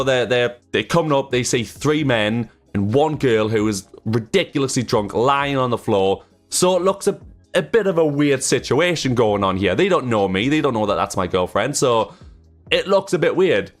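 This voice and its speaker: A young man telling a story on his channel, rambling with lots of fillers and swearing. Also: medium pitch. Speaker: YouTuber. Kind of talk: casual storytime vlog. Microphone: desk microphone.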